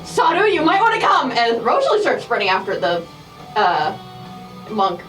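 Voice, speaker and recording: Eager woman player, high and very animated, roomy distant mic, music behind. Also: moderate pace. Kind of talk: casual tabletop play.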